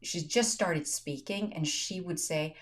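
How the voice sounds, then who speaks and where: Woman podcast host, lowish voice, chatty storyteller, acts out the quotes and laughs a lot. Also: a little slow. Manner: tells personal stories with quoted dialogue, laughs often. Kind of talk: casual conversational storytelling.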